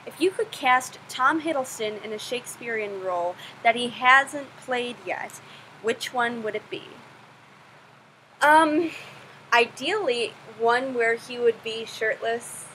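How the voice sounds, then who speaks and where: A woman's voice: on the high side, slow pace, sharp tone, slight background noise, low-quality recording. A young woman answering viewer questions in a casual vlog, chatty and self-deprecating, gushing about things she loves.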